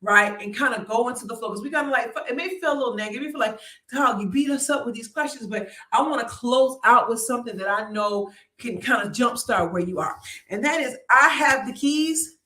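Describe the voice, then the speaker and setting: A woman's voice: a little high, fairly quick, echoey room, recorded from a distance. A woman hosting a live online show, giving a motivational talk in a chatty way and often turning to her audience. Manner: lively and chatty, keeps turning to the audience with "y'all" and "right?".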